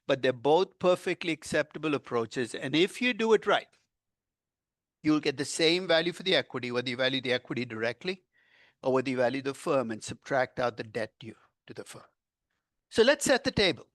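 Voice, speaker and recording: An older man delivers a university finance lecture in an energetic, conversational way. He tosses questions at his students and leans hard on key words. His voice is mid-pitched and sounds dry and close to the mic. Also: fairly quick, dry recording. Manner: animated, asks the class questions, stresses key words. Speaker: finance professor. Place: lecture room.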